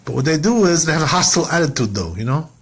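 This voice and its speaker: A man's voice: a little high, animated, quick pace, slightly rough. A man teaching as a rabbi in a Torah lesson, asking himself rhetorical questions and acting out quoted complaints.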